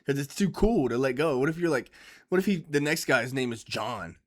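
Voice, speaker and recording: A man giving casual, profane and excitable vlog commentary on fight picks, rambling as he goes. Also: mid-range voice, a little fast. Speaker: MMA fight picks YouTuber.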